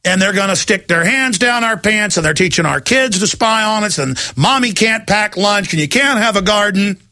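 Male talk radio host, high, piercing voice, dry sound, heated and emphatic ranting. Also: expressive, normal speed, sharp tone, no room sound.

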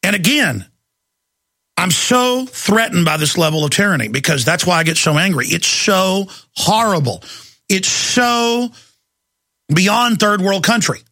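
A man hosting a talk radio show, ranting heatedly and shouting at times, then taking calls. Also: high-pitched, lively intonation. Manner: angry, shouting at times, fast bursts.

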